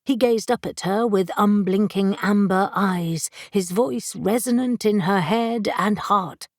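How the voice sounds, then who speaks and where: A woman narrating an audiobook in a measured way, giving each character a voice. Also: medium pitch, no room sound, studio quality. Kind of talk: scripted narration.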